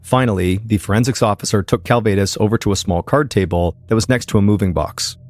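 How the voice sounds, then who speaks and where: Male podcast host, lowish voice, measured suspense narration. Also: no echo. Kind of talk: scripted true-crime narration.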